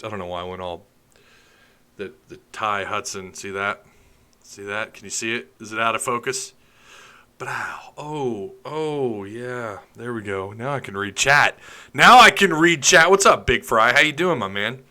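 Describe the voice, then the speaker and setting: A man's voice: lowish voice, a little slow, sharp tone, clean tone. A man hosting a live stream, chatting casually, reading comments and joking sarcastically.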